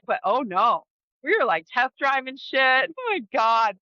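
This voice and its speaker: A woman's voice: high-pitched, sing-song, normal speed, bright, forceful tone, no room sound, dull audio. A middle-aged woman hosting her own vlog, reflecting candidly and casually, with frequent swearing. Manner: casual, frank, swears freely. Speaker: host.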